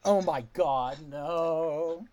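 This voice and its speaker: A podcast host with a fairly high-pitched voice speaks extremely slowly as he recaps a play in loose, jokey casual chat. He's an animated storyteller who slips into quoted voices.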